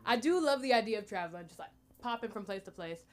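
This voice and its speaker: A woman's voice: mid-range voice, lively intonation, quick pace. A young American woman doing rambling stand-up at an open mic, chatty and full of fillers. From United States. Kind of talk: stand-up comedy.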